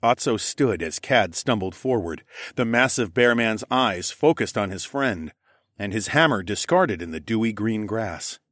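A man narrating a fantasy story in the first person with dramatic, expressive reading. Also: lowish voice, unhurried, no echo, clean studio sound.

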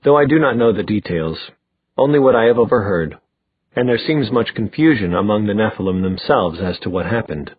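A man with a husky voice voicing a cool, detached male vampire who speaks in a measured way. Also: on the low side, expressive, dry recording. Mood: aloof. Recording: tinny phone-like dry recording.

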